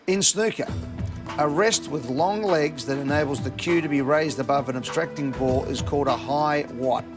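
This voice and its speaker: A man with an Australian accent hosting a quiz show, cracking teasing jokes with contestants. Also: on the high side. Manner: teasing, quick banter. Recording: studio with music and audience.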